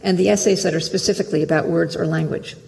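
A literary translator reading a prepared lecture in a measured, careful way, heard in a lecture hall. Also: mid-range voice, fairly even intonation, creaky, darkish tone. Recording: long hall reverb.

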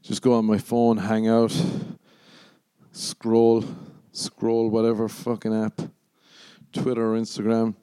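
A man's voice: lowish voice, monotone, slow pace, dark tone, clean tone, no echo. A young Irish man hosting a podcast on his own, rambling casually, swearing a lot and poking fun at himself. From Ireland. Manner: sweary, self-mocking, rambling. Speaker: podcast host.

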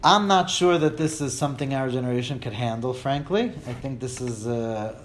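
A man's voice: mid-range voice, normal speed, very noisy. A man teaching a class, reading lines of a Hebrew text aloud and translating each into English with dramatic emphasis and a wry humor. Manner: reads Hebrew lines then translates them line by line, dramatic; wry, jokes with listeners. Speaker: Torah teacher.

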